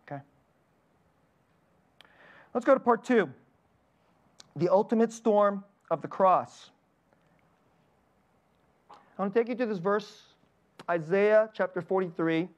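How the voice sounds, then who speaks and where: A man's voice: sits high, a little slow, long pauses, muffled recording. A man in his thirties, a pastor, preaching a sermon and telling personal stories, often laughing lightly between lines. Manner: personal storytelling with frequent laughs.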